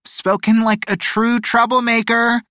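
A man voicing a knowing, motherly woman in a storybook reading, teasing and gently scolding. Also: mid-range voice, lively intonation, a little slow, no echo, studio quality. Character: knowing, motherly adult woman mail carrier.

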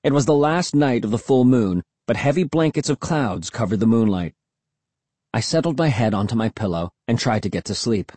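A man narrating a first-person storybook in an expressive, tense storytelling manner. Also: mid-range voice, moderate pace, dry recording. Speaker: audiobook narrator.

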